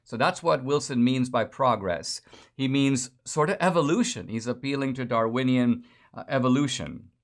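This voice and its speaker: A man's voice: mid-range voice, animated, normal speed. Sarcastic lecturing male commentator. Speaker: political commentator. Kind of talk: lecture-style political commentary.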